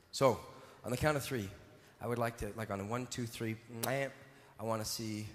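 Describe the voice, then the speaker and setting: A man's voice: medium pitch, moderate pace, hardly any pauses, slight background noise. A male singer joking with his audience from the stage, teasing and mock-scolding them in a playful way. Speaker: singer performing live. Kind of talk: stage banter with a concert audience. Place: large concert venue with seated tiers. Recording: live concert hall reverb with music.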